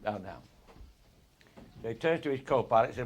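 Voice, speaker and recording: A man's voice: mid-range voice, lively intonation, brisk, long pauses. A middle-aged man, telling comic stories to a live audience in an earthy, swearing manner and chuckling along. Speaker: raconteur.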